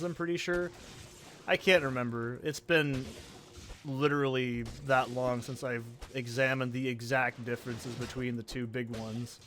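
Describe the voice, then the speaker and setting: A man's voice: medium pitch, fairly bright tone, a little hiss or hum. A man hosting a let's play, giving rambling, profane, self-deprecating gameplay commentary.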